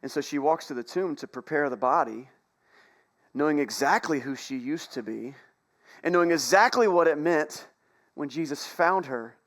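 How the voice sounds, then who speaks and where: A man preaching a sermon in a church, telling a story in a relaxed, conversational way, with playful asides and jokes. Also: a little high, normal speed. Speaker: pastor. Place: church sanctuary.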